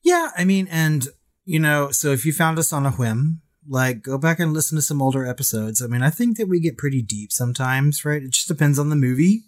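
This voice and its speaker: A man co-hosting a podcast in casual chat, telling stories with lively acted-out quotes and frequent laughter. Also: a little high, fairly quick. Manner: animated storyteller, acts out quotes, laughs often. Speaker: podcast co-host.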